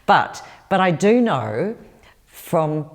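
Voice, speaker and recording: A woman's voice: on the low side, big pitch swings, extremely slow. A New Zealand woman, in her sixties, answering interview questions as a spiritual teacher, telling stories earnestly and repeating phrases.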